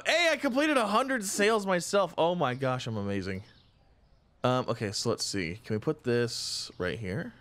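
A man hosting a casual let's-play, chatty and excitable, thinking aloud with frequent exclamations. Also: medium pitch, slight background noise. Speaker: gaming channel host.

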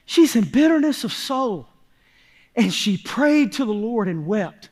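A male pastor, preaching a fervent sermon, shouting at its peaks and then dropping low and quiet, with folksy phrasing. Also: sing-song, measured pace. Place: church sanctuary.

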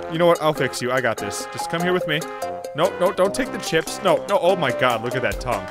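Over music, a gaming YouTuber delivers comedic gameplay commentary at a brisk clip. He's expressive, giggling and swinging between high shrieks and low mutters.

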